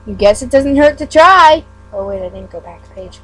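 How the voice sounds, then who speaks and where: A woman's voice: on the high side, animated, fairly quick, few pauses, fairly bright tone, slightly rough, poor audio. A woman giving a casual read-aloud of a webcomic. She stumbles over words and breaks off into self-mocking asides. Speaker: fan reader.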